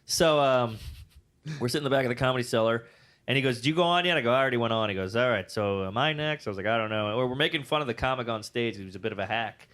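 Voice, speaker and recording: A man's voice: medium pitch, quick pace. A male comedian telling stories in a casual interview, acting out quotes and swearing freely. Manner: animated storyteller, acts out quotes, swears freely. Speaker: comedian guest.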